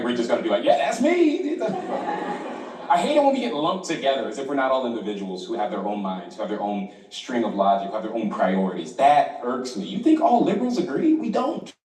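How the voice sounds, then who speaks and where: A man's voice: medium pitch, darkish tone. A man from Florida performing a stand-up comedy set, acting out other people's voices and laughing between lines. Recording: roomy hall, far from the mic, noisy.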